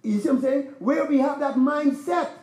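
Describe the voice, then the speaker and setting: A man's voice: extremely high pitch, normal speed, warm tone, echoey room. A man preaching a sermon as pastor, in a conversational style with rhetorical questions to the congregation. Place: church.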